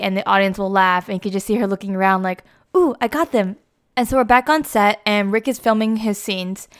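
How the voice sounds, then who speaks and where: Chatty young woman with a smooth voice. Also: fairly high pitch, fairly bright tone. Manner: chatty, lots of "like" and "you know". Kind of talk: casual plot retelling.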